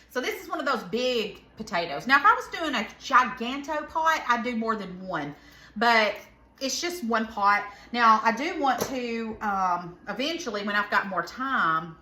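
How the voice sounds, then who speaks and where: A woman's voice: medium pitch, bright, forceful tone, roomy sound. A woman with a Southern American accent, chatting casually to viewers while she cooks in her home kitchen, rambling into folksy asides. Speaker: home cooking host. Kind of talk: casual cooking vlog.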